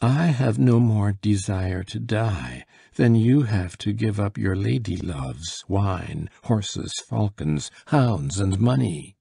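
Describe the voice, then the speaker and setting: A man's voice: lowish voice, expressive, takes it slowly, gravelly, hardly any pauses, dark tone, slightly rough, dry recording, clean studio sound, full character voice. A male reader voicing a dying old nobleman who speaks weakly but insistently. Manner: weak, insistent and secretive.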